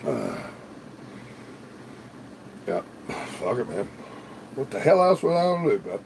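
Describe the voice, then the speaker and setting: A man's voice: fairly low pitch, wildly swooping pitch, unhurried, gravelly, a little mellow, slight background noise. A man hosting a livestream in casual, rambling chat, swearing freely and laughing often. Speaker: livestream host. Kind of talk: casual live-stream chat.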